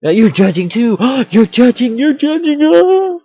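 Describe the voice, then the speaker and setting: A man putting on the voice of a shrill, mocking internet know-it-all in a squealing, exaggerated tone. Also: expressive, slow, no room sound, lo-fi sound, exaggerated voice. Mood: shrill outrage.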